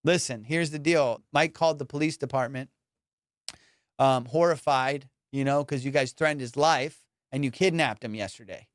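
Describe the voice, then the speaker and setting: A young man hosting a podcast, casually telling a story in slangy, animated talk and acting out the people in it. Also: mid-range voice, moderate pace, no echo, clean studio sound. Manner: animated, laughing, slangy retelling with quoted voices. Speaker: podcast host.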